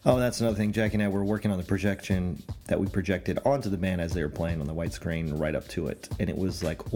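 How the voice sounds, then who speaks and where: Man, very low voice, rambling podcast host, teasing and loose, faint music under it. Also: darkish tone. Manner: joking, teasing, rambling with fillers. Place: Pacific Northwest, rural mountains.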